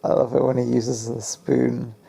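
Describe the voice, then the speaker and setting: A man's voice: medium pitch, level tone, moderate pace, vocal fry, mellow. A man giving casual, playful commentary on a TV episode, spinning fan theories and acting out characters' lines.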